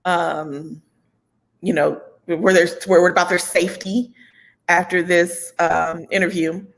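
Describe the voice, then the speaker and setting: A woman co-hosting a casual chat show, animated and quick to laugh, agreeing often. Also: fairly low pitch. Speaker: podcast co-host.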